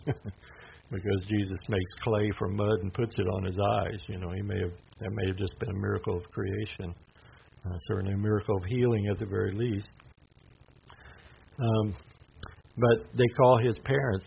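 Gravelly-voiced man teaching the Bible. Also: on the low side. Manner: conversational, reads scripture aloud with asides. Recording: dull lo-fi sound with faint noise.

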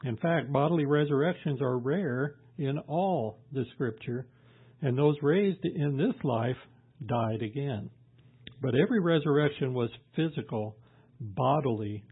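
Husky-voiced male preacher, phone-like sound. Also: medium pitch. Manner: reads scripture slowly and emphatically, then explains in plain conversational asides. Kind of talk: sermon.

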